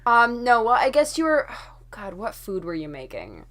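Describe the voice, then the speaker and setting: A woman co-hosting a podcast, teasing and animated in casual chat. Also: fairly high pitch, moderate pace. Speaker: podcast co-host.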